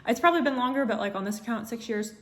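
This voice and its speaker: A young American woman vlogs casually about a travel day, chatty and animated, with plenty of filler words. Her voice is a little high and she talks at a racing pace.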